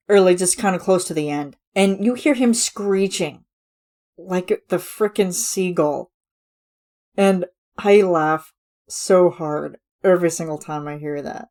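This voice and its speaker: A woman's voice: lowish voice, mellow. Rambling, gushing woman podcast host. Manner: rambling, enthusiastic, many fillers. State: voice getting ragged. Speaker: podcast host reviewing a music video. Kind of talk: casual chat.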